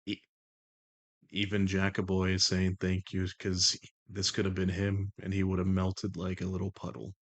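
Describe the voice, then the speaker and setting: A male streamer putting on a slow, low, coaxing persona voice that showers the listener with doting praise during a live stream. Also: monotone, a bit bright, dry recording. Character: sultry deep-voiced male seducer persona.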